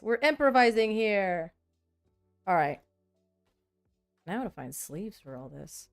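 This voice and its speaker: A woman's voice: mid-range voice, sing-song, gravelly, soft background music. Chatty woman rambling while sorting cards. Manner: rambling, self-mocking, quick mock dialogues. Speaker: content creator building a card deck.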